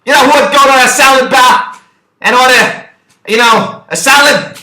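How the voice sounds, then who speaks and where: Man doing a shouting ranting stand-up comic. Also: very high-pitched, normal speed, heavily acted. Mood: exasperated. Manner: shouting, exasperated rant. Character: loud ranting male stand-up comedian. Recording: echoey room.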